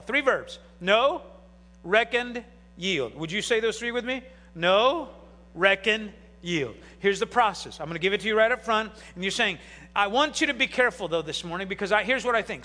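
A man pastor preaching an animated sermon, swinging between loud bursts and quiet asides, recorded in a large church hall. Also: sits high.

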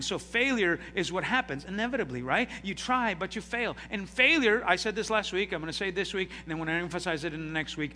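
In a reverberant church hall with a faint hum beneath him, a high, bright-voiced pastor delivers a sermon, leading the congregation in call-and-response. He alternates between loud outbursts and quiet lines.

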